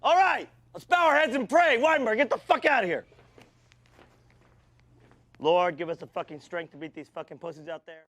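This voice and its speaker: An actor playing a foul-mouthed, abusive male football coach who shouts and berates his team in a comedic rant. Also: high-pitched, normal speed, long pauses. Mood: yelling, berating.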